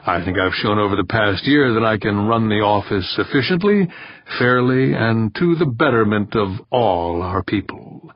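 A man reading the part of a confident politician giving a measured, firm campaign answer. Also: lowish voice, animated, no room sound. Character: smooth, self-assured male politician. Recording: dull, dry, slightly muffled recording.

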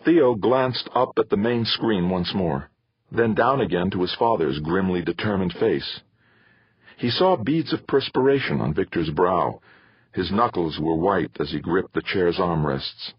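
Deep husky male audiobook narrator. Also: measured pace, no room sound. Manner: dramatic, lively reading. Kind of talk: scripted narration of a sci-fi novel. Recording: slightly muffled.

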